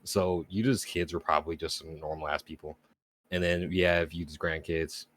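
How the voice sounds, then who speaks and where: A man's voice: very deep voice, fairly even intonation, normal speed, a bit bright. A young man co-hosting a casual podcast chat, talking in a loose, slangy, profane way and laughing easily. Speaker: podcast co-host.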